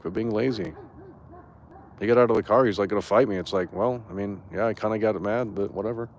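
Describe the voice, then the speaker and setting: A man's voice: lowish voice, brisk, a little hiss or hum. A young man streamer ranting to his chat in a rambling, profane, indignant way. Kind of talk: casual rant to chat.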